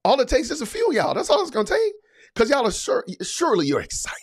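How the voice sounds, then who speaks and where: A man's voice: very high voice, very animated, fast. A man hosting a podcast, giving sarcastic political commentary in a mocking, hyped-up, repetitive way. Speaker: podcast host.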